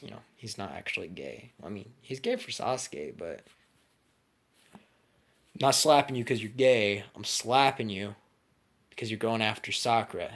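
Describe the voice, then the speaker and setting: A man's voice: fairly low pitch, creaky, a bit bright. A young man telling a made-up story in a casual, rambling way, full of slang and swearing.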